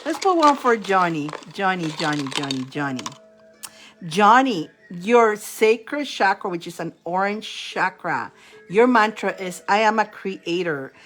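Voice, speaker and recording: A woman's voice: medium pitch, expressive, unhurried, fairly bright tone, faint music behind. A woman reading tarot cards on a live stream, chatty and encouraging. She laughs often and repeats mantras aloud. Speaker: tarot card reader.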